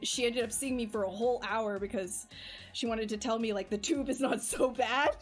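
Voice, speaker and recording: A woman livestreaming, telling a personal story in casual chat, animated and laughing often, with many fillers. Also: on the high side, normal speed, soft background music. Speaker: livestream artist. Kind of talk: casual chat while streaming.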